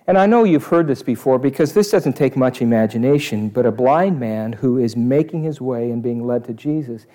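Voicing the story's characters as he goes, this preacher delivers a lively sermon that lurches from bursts of loudness to quiet asides. His pitch is medium.

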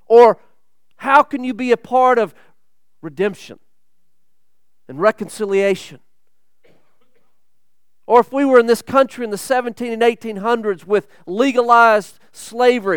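A man preaching a sermon as pastor, earnest and urgent, rising to emphatic points and dropping to hushed intensity, often restarting his sentences. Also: extremely high pitch, measured pace, long pauses, clean tone, no room sound, studio quality. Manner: repeats words and restarts mid-sentence.

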